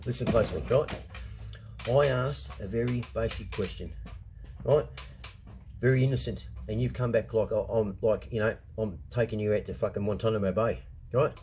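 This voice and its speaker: A man's voice: lowish voice, normal speed, a little mellow, slight background noise. A man with an Australian accent, ranting in a casual vlog monologue. He swears a lot, repeats himself, and keeps tagging his sentences with "right?". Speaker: vlogger.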